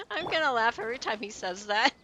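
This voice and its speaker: A woman's voice: a little high, background noise. A young adult woman streaming a video game, chatting casually, gushing and laughing a lot. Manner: giggly, gushing, laughs often. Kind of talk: casual let's-play chatter.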